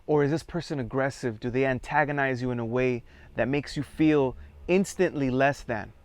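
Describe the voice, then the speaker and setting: A man leading a theatre workshop, giving calm, measured guided instructions and counting participants into each exercise. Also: medium pitch, dry recording. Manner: calm, measured, counts students in and prompts them.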